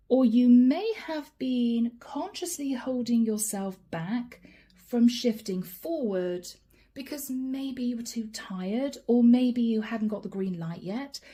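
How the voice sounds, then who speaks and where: A woman giving a channeled tarot reading in a chatty, animated way, speaking straight to the listener by star sign and dropping to a soft whisper as she names each card. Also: on the high side. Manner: drops to a soft whisper when naming cards. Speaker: tarot reader.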